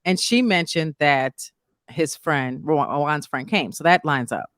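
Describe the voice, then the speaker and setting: A woman co-hosting a podcast in casual chat, quiet and mostly giving brief responses. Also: sits low, lively intonation, measured pace, no echo, clean studio sound.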